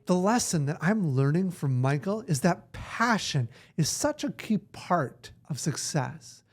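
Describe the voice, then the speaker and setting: A host reflecting on lessons from a guest's story in a slow, thoughtful narration. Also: medium pitch, very animated.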